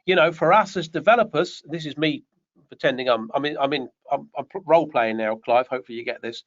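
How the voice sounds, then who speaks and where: A man with a notably high voice coaches property developers, rambling and joking as he talks. The sound is dull and lo-fi, like a video call. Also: fast talker. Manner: chatty, rambling, joking asides. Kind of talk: online Q&A session. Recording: dull lo-fi online call audio.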